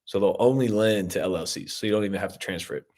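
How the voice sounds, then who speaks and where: A man from Ohio speaks fast in a fairly low, slightly mellow voice. In a laid-back live stream he coaches on real estate investing by answering viewer comments, talking loosely with plenty of fillers and an upbeat attitude toward viewers.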